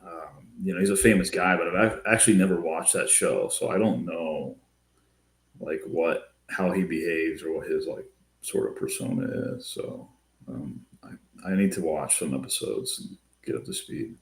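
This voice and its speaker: A man calling in as a guest to a livestream, talking in a relaxed, hesitant way with many fillers. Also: deep voice, normal speed, echoey room. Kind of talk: casual livestream chat. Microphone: remote call.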